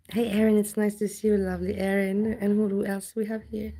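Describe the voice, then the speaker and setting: A woman's voice: medium pitch, little pitch movement, a little fast, few pauses, mellow. A woman chatting casually with viewers on a live stream, blunt and ranting, reading the chat aloud.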